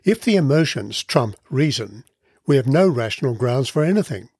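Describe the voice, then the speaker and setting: A man giving a scripted devotional Bible teaching, reading in a measured, earnest way and leaning on key words. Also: mid-range voice, very animated, a little mellow, slightly rough, no room sound, studio quality.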